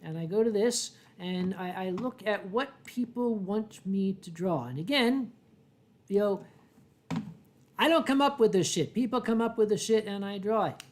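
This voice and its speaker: A man with a Philadelphia accent hosting a casual livestream from home, reading viewer comments in a dry, wry way and often clearing his throat. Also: sits high, lively intonation, normal speed. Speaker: livestream host. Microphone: desk microphone.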